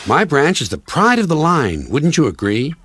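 A man's voice: on the high side, huge pitch swings, normal speed, a bit bright, a little hiss or hum, voice pushed up. A man voicing a proud, impatient young male tank engine in a storybook reading. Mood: eager. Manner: boastful, impatient.

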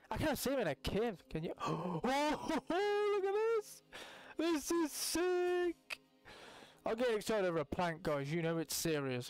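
The tone is clean as a young male channel host reacts to gameplay in a casual, excitable way, cursing a lot and yelping in a high voice.

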